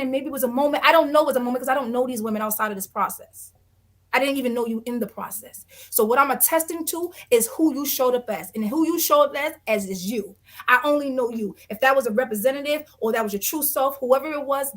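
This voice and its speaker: High-voiced blunt woman. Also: fairly bright tone. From New York. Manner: blunt, sassy, emphatic retelling with slang. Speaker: reality show cast member, guest. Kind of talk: casual storytelling in an interview.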